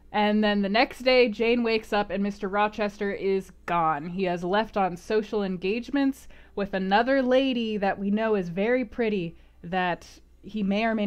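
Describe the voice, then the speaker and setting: A woman's voice: medium pitch, smooth. A woman with an American accent hosting a read-aloud book club stream, chatty and self-deprecating, laughing often. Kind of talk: casual chat and book recap.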